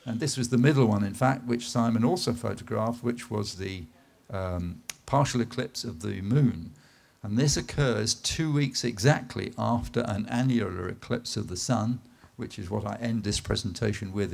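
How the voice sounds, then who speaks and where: Gravelly low man giving a slide talk. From England. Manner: unhurried, anecdotal, with filler "uh"s and dips to a soft voice. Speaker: speaker at an art event. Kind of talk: live slide presentation. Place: event space in a garden venue.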